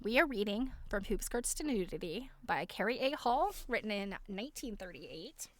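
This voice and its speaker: A woman's voice: medium pitch, expressive, moderate pace, a bit bright, a little hiss or hum. A middle-aged woman hosting a livestream, chatting casually and telling stories with frequent laughs. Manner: chatty, laughs often, storytelling with quoted asides. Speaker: livestream host. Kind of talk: casual chat to a live audience.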